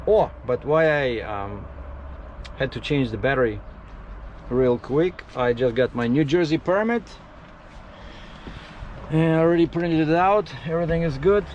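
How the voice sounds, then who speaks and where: A man's voice: fairly high pitch, unhurried, pauses often, a little mellow, highs cut off, slight background noise. A man who drives trucks, chatting casually in a vlog while parked outdoors. He rambles, restarts his sentences and jumps from topic to topic. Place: outdoors at a truck parking area.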